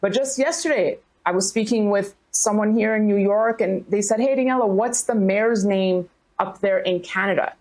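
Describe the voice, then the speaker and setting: A woman's voice: medium pitch, moderate pace, hardly any pauses, a little mellow. A woman hosting a news interview, conversational and polite. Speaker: news show host.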